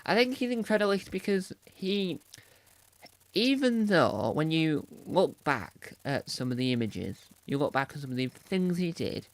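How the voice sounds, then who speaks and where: Vlogger, rambling casual commentary, mid pitch, restarts a lot, dry close mic. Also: animated, a little slow, dry recording. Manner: rambling with many restarts and sudden loud emphasis.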